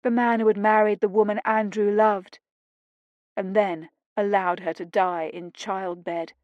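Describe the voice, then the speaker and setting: A woman's voice: medium pitch, steady tone, measured pace, a little mellow, no echo. Woman narrating an audiobook, dry and close. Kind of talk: scripted narration.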